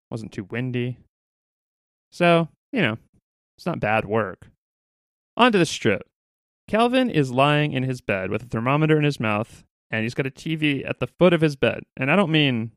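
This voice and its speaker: Irritated podcast host, smooth dry voice. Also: male voice, mid-range voice, no echo. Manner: irritated, grumbling, self-mocking. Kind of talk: casual solo podcast commentary.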